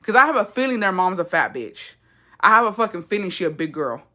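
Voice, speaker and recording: A young Texan livestreamer tells a story indoors in a medium-pitched voice that is bright and forceful, very animated and fast. Her casual chat is blunt, full of swearing and dotted with Spanish.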